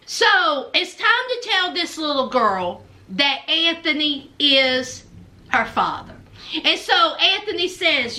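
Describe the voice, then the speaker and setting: A woman's voice: high-pitched, takes it slowly. A woman, chatting casually through a recap of a reality TV episode, dramatic and talking straight to her viewers. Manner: animated, dramatic, addresses viewers as y'all.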